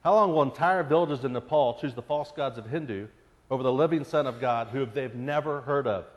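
Brisk and medium-pitched, a man delivers an earnest sermon that swells into pleading on questions he asks again and again. The recording has a long hall reverb.

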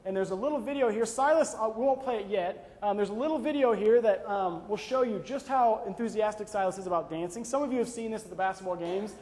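A man's voice: sits high, fast talker, few pauses, a little mellow. A young man giving a conversational devotional talk full of personal anecdotes and "right?" asides. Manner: conversational, frequent "right?" tag questions. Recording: long reverb of a large hall.

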